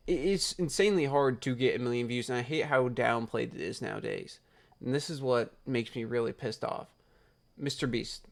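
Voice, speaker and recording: A man's voice: mid-range voice, gravelly. A young man talking straight to camera late at night, rambling and frustrated, swearing freely as he rants about his online community. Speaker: YouTuber. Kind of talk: late-night casual vlog rant.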